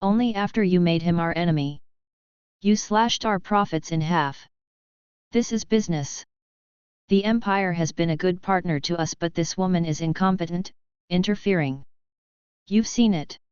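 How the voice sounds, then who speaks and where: A woman's voice: fairly low pitch, moderate pace, long pauses, a little mellow, smooth, no echo, close to an everyday voice. A woman voicing a treacherous male Hutt crime boss in a storybook reading, speaking in a wheedling, pleading manner. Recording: slightly dull, dry sound.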